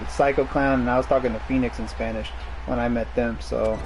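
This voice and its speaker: A man chatting as co-host, telling animated stories, laughing often and calling his friend bro. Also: medium pitch, a little fast, background noise. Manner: animated storyteller, laughs a lot, says bro. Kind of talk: casual chat.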